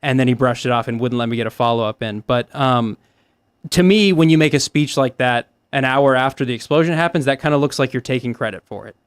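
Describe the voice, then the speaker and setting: A man's voice: mid-range voice, fast talker, clear, resonant tone, no room sound, clean studio sound. A man appearing as a guest reporter on a talk show, speaking in a hesitant way full of fillers. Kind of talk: casual political chat.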